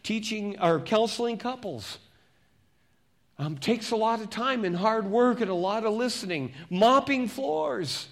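A man preaching as a pastor, reading scripture slowly and turning to the congregation with conversational questions. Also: sits high. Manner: reads scripture slowly and deliberately.

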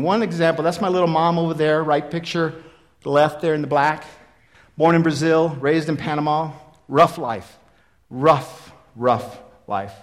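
A man in his fifties preaching a sermon, telling his own story in an earnest, repetitive way that swings from loud emphasis to quiet. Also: a little high. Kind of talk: sermon with personal testimony.

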